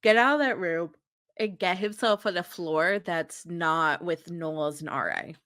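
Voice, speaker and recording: Woman, lowish pitch, bright crisp tone, dry close mic, wry opinionated chat. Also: unhurried, no room sound. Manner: wry, opinionated commentary with frequent "ew" and "like". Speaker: podcast co-host. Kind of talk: casual chat recapping a TV episode.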